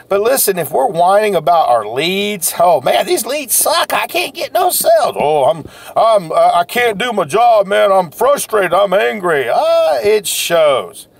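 A man's voice: high-pitched, creaky. A man, a sales coach giving a folksy, self-deprecating motivational talk.

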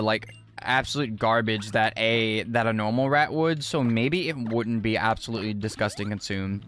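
A man's voice: mid-range voice, a bit bright. A young man streaming a game live and chatting with his viewers, exclaiming often and using casual slang.

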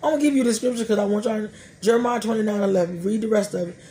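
A woman's voice: medium pitch, steady tone, racing, warm tone. A middle-aged woman hosting a podcast, sharing faith talk in a colloquial, joking, storytelling way. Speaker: podcast host.

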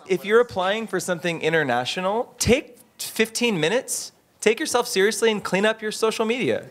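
Animated panelist man with many restarts. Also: high voice, moderate pace. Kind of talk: casual panel talk.

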